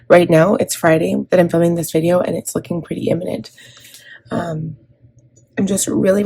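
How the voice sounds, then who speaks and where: A woman from Canada, in her thirties, talks casually while planning and decorating a planner. Her voice is lowish, mellow and a little husky. She rambles, with lots of ums and restarts. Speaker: planner vlogger.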